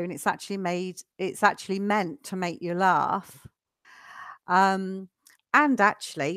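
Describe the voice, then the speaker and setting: A woman teaching a live online English lesson, chatty and patient, slowing down so learners can follow. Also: mid-range voice, fairly bright tone, no echo, studio quality.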